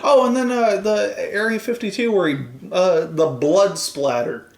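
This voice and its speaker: A man's voice: sits high, unhurried, creaky. A man co-hosting a podcast in casual chat, rambling and swearing, acting out quoted voices as he tells stories. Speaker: podcast co-host. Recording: roomy echo.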